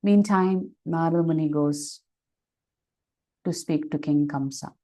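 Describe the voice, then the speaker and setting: Slow, mellow woman retelling scripture. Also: low-pitched, poor audio. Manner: measured retelling with frequent fillers. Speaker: spiritual teacher. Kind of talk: devotional scripture storytelling. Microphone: online session microphone.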